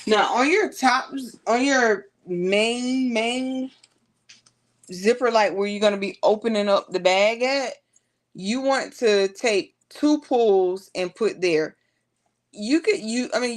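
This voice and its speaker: A woman takes her time, talking at an unhurried pace. She chats casually to her viewers while she sews. Her tone is loose and conversational, and she stops now and then to check on her project. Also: fairly high pitch. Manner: chatty, talks to viewers while working. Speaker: sewing vlogger. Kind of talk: casual sewing tutorial.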